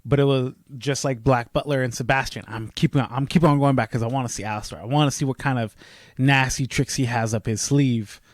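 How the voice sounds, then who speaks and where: A young man co-hosting a casual podcast chat, rambling and animated, slipping into quoted asides as he rants. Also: mid-range voice, brisk, dry recording, studio quality. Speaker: podcast co-host.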